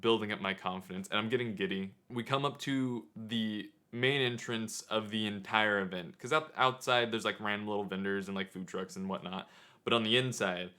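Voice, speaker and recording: Bright-voiced man telling a funny story. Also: fairly low pitch, smooth. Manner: animated, self-deprecating, quick to act out scenes. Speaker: vlogger. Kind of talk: casual comedic storytelling.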